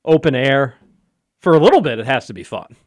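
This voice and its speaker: A man's voice: mid-range voice, sing-song, brisk, dry recording. Guy on a morning radio show, dry close mic, easygoing rambling banter. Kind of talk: casual morning radio chat. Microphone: studio microphone.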